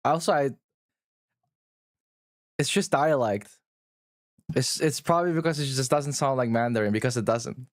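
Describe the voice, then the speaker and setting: A man's voice: medium pitch, normal speed, pauses often, no echo, studio quality. Blunt, profane male streamer. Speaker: livestreamer. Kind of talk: casual livestream chat.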